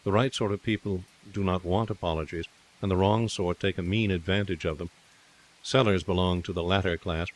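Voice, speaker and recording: A man narrating a classic short story in a steady, measured reading. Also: low-pitched.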